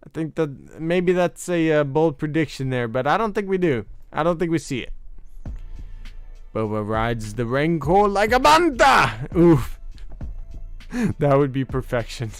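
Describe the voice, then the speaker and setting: A man hosts a casual fan livestream, reacting to viewer comments in an excitable, chatty way and teasing them often. His voice is smooth and resonant, with faint music playing underneath. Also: fairly high pitch, measured pace, no echo. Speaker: host of a fan channel livestream.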